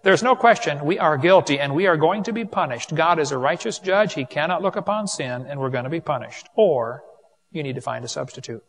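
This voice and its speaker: Man, preacher, folksy, jokes with the crowd, evangelistic sermon, fairly high voice. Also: fairly quick. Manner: folksy, joking with the audience. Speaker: creationist preacher.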